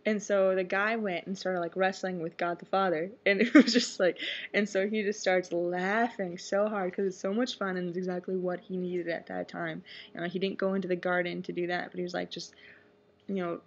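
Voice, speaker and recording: Chatty young woman with a gravelly edge. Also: lowish voice, flat delivery, brisk. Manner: rambling, chatty, full of fillers and likes. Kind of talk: casual personal vlog storytelling. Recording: dull lo-fi webcam audio.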